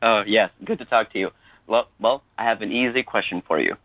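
A man calling into a radio show, polite and slow as he searches for his words. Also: lowish voice, dry recording. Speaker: caller. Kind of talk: phone call-in question. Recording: tinny phone line.

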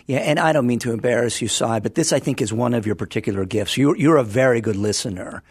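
A man's voice: mid-range voice, fast talker, slightly rough, no echo, studio quality. A man hosting a radio interview, asking questions with playful teasing and frequent restarts. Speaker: radio host. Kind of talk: interview chat.

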